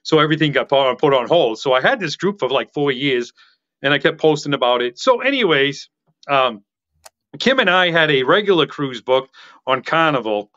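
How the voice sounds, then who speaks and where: A man talking as a podcast guest in casual chat, excitable and rambling, with a loud voice that carries. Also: on the high side, moderate pace, dull audio.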